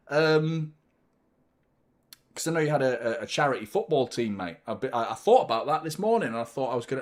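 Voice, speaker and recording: A man hosting a live football watchalong, commenting on the match, chatting to viewers and swearing freely. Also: medium pitch. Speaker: host of a football watchalong stream.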